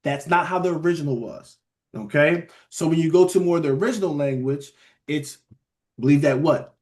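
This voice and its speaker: The speaker is a Bible study teacher leading a casual lesson online. Slightly high-voiced for a man, he talks loosely with many restarts and repeatedly pauses to ask "all right?" and address listeners as "beloved."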